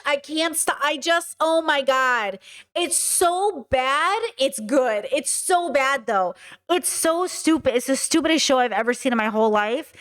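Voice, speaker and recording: A woman's voice: high-pitched, a bit bright. A young woman hosting a reaction stream, ranting and exasperated, swearing as she comments on a video.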